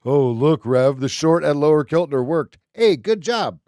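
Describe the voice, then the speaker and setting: A man's voice: on the high side, expressive, measured pace, dark tone, dry recording, studio quality. A man hosting a live trading stream, ranting bluntly and sarcastically in casual chat.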